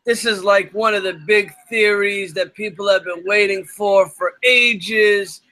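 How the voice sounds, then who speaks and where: Give me an excited man with a bright, high voice that is going hoarse. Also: measured pace, low-quality recording. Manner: excited, animated storytelling. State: losing his voice. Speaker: co-host. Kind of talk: casual live-stream chat.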